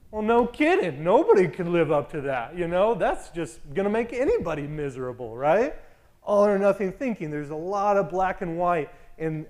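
A man delivers a casual, conversational sermon, telling stories with lively asides. His voice sits on the higher side. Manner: conversational, animated storytelling with asides.

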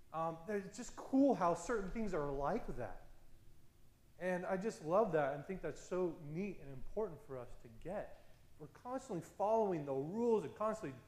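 A male pastor preaches in a loose, conversational way, laughing now and then and tossing in asides. His voice sits a little on the high side. The sound carries a noticeable room echo. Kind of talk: sermon.

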